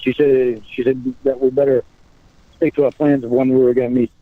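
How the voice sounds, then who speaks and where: A man on a phone call, talking in halting bursts and repeating his words as he restarts. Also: mid-range voice, flat delivery, no room sound. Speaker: caller on a recorded phone call. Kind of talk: casual phone conversation. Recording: tinny phone line.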